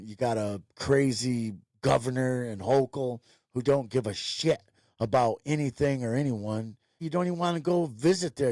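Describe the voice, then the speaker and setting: A man's voice: medium pitch, a little mellow, no room sound. Brief: profane, rambling male host ranting bluntly, dry close sound. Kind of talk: ranting commentary.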